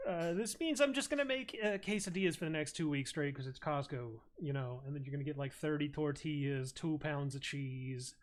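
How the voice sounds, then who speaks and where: A man's voice: on the high side, a little fast, few pauses. A man streaming, telling a rambling, crude and absurd comic story full of swearing. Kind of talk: casual comedic rant.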